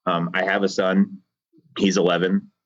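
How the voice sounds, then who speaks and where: A man with a low, level voice speaks at a moderate pace as a guest on a podcast, a cigar factory owner talking at length with passion and some rambling. It's an earnest, reflective monologue over a video call, captured as dull, dry, lo-fi audio.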